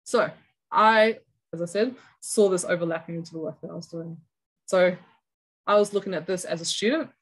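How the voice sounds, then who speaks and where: At a conference, a woman explains cloak weaving step by step as an analogy for education, walking through a cloak sample as an educator presenting. Her voice is fairly low at a moderate pace, and the audio quality is poor.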